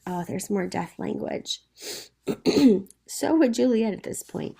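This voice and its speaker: A woman's voice: medium pitch, expressive, slow, gravelly, mellow, husky. A woman teacher explaining a play to students in a conversational way, often checking in with rhetorical questions.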